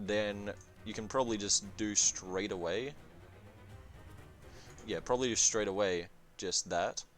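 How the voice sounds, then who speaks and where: Male game reviewer, lower voice, rambling profane commentary, soft music bed. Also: fairly even intonation, unhurried. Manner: rambling, profane, thinking aloud with many fillers. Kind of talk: casual gameplay commentary.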